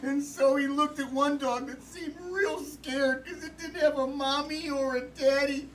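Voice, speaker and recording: A woman improviser spins a goofy story in front of a crowd, her voice high and her delivery slow and drawn out. She plays each twist with mock drama. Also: fairly even intonation, a bit bright, distant mic, slight background noise. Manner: slow, playful, melodramatic. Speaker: improv player. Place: comedy theater stage.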